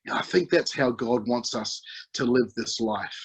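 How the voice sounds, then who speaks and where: A man's voice: mid-range voice, moderate pace, husky, rough recording. A man from New Zealand with a New Zealand accent, preaching a chatty, story-led sermon full of 'you know' fillers. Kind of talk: conversational sermon.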